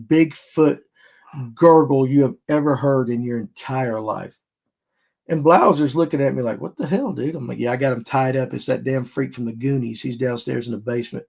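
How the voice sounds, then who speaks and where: A man hosting a casual podcast, telling stories and acting out other people's lines. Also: medium pitch. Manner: animated storyteller who acts out other people's lines. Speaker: fishing podcast host.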